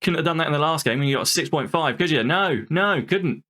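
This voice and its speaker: Guy doing let's-play commentary, pitch jumping all over, ranty and sweary. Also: fast, hardly any pauses. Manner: exasperated, swearing, ranting; lively play-by-play over a football game. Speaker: gaming channel host.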